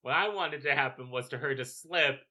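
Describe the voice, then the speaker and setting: A man's voice: mid-range voice, normal speed, pushed and bright. A man chatting casually as a co-host, playful and joking as he chimes in. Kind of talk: casual chat.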